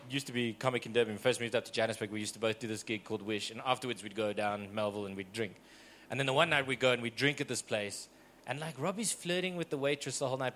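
A man's voice: mid-range voice, fairly bright tone, slight background noise. A man hosting a comedy podcast in casual chat, teasing his guest and telling stories with laughs. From Scottish heritage. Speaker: podcast host.

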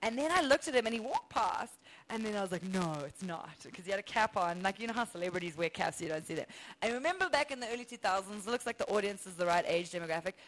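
A South African woman in her thirties, a comedian telling a story in a casual, animated way and laughing often. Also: mid-range voice, racing, slight background noise, poor audio. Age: 30s. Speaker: comedian guest. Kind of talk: storytelling chat.

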